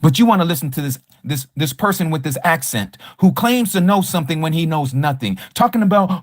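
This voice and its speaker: A man's voice: fairly high pitch, lively intonation, brisk, few pauses, no echo, studio quality. A man teaching scripture on a livestream, speaking emphatically and rhetorically, repeating key phrases and challenging a rival teacher. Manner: combative toward a rival teacher. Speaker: Bible study teacher.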